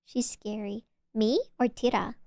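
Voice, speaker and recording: A woman's voice: fairly high pitch, steady tone, measured pace, creaky, dark tone, dry recording, studio quality. A young woman streaming, chatting casually with her viewers in a giggly, teasing, rambling way.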